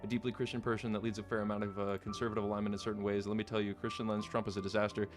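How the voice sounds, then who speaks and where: A man's voice: on the low side, flat delivery, rapid-fire, faint music behind. A man livestreaming, reading out his chat and answering it in a combative, sarcastic way, swearing freely and laughing at his own jokes. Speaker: streamer.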